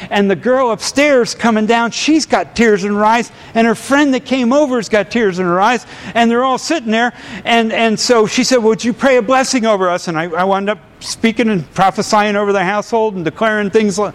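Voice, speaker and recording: High-voiced male preacher, fervent sermon delivery, big reverberant church sound. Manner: animated storyteller, rising to fervent exhortation. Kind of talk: sermon with storytelling. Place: church sanctuary. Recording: long hall reverb.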